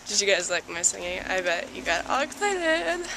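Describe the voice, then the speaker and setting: A woman's voice: mid-range voice, sing-song, moderate pace, vocal fry, noisy background. A young woman vlogging at home, chatting to camera, ranting and laughing about an embarrassing day. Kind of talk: casual chat to camera. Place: at home indoors.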